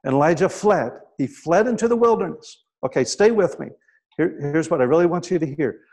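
A man gives a sermon at a fairly quick pace, his slightly high voice expressive as he tells scripture stories in a conversational manner. He often adds "right?" and sinks into a hushed voice for the quieter stretches.

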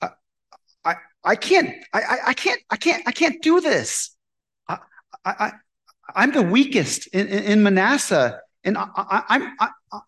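A man's voice: high voice, fairly bright tone, pitched above the performer's own voice, full character voice. A man voicing a frightened young Israelite man who stammers and protests that he is too weak.

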